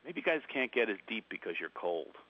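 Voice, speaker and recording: A man's voice: on the low side, very animated, a little fast, no echo, dull audio. A middle-aged man with a Philadelphia accent, guesting as a comedian on a radio show, firing off jokes and laughing mid-sentence. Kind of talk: joking radio interview.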